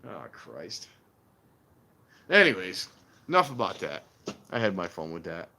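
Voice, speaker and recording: A man hosting a casual trainspotting stream, rambling and animated, acting out the voices of people he quotes. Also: sits low, measured pace. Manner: warns viewers against scams. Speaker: railfan livestream host. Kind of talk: casual chat while filming trains.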